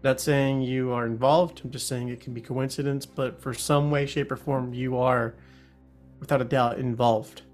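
Male podcast host, playful and halting, mid-pitched, plays an investigator character. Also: level tone, soft background music. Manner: playful, hesitant restarts. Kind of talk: in-character tabletop play.

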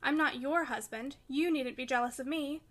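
A woman's voice: sits high, moderate pace, a bit bright. A woman reading the part of a brooding, vengeful young man in an audiobook, with bitter, defiant lines.

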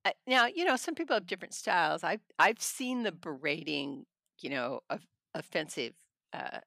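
A woman's voice: on the low side, sing-song, normal speed, vocal fry, a bit bright, dry recording, clean studio sound. A middle-aged woman, a trial attorney, telling blunt stories in a casual podcast conversation and laughing often.

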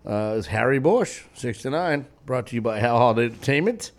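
Animated, jokey male radio host. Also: mid-range voice, fairly quick. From New England. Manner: jokey, animated, laughs often. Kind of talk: casual radio banter. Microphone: studio mic.

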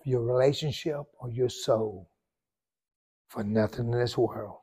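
Husky-voiced preacher man. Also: medium pitch, measured pace. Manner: emphatic storytelling preaching with sudden loud surges and hushed drops. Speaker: pastor. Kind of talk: sermon.

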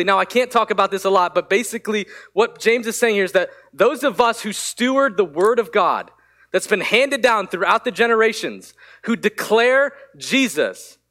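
A male pastor delivers a sermon in a notably high voice for a man. He tells stories candidly and with animation, tossing in quick asides. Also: a bit bright.

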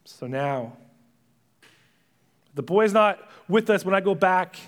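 A male pastor's sermon, delivered slowly and expressively in a voice that sits high, dramatizes a story and drops to quiet whispers at the emotional beats.

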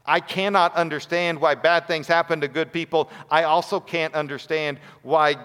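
A male preacher with a fairly high voice delivers an earnest sermon, pressing his listeners with rhetorical questions. His voice rings out with a long hall reverb trailing each phrase. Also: fairly even intonation, moderate pace, fairly bright tone, clear, resonant tone.

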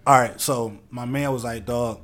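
A man's voice: medium pitch, quick pace. A man hosting a casual chat, talking loosely and profanely with jokes. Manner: loose, profane, joking banter.

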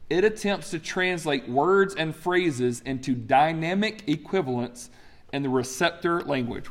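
A pastor teaching a sermon with slides, talking in an animated, emphatic way with frequent fillers and restarts. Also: male voice, mid-range voice, in a large hall.

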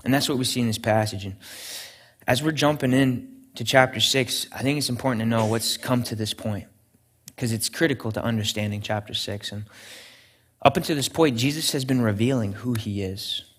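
A man's voice: mid-range voice, fairly quick, a bit bright, slightly rough. Man, young adult pastor, sermon, earnest, storytelling, restarts often.

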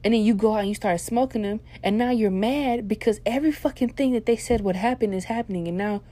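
A woman hosting a casual monologue, blunt and heavily profane, swinging into loud, animated rants. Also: a little high, fast talker.

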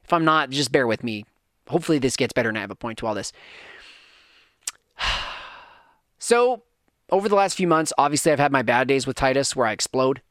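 A man's voice: mid-range voice, very animated, brisk, long pauses, a bit bright, dry recording, studio quality. A man in his thirties telling a rambling family story in a casual monologue, acting out his kids' voices.

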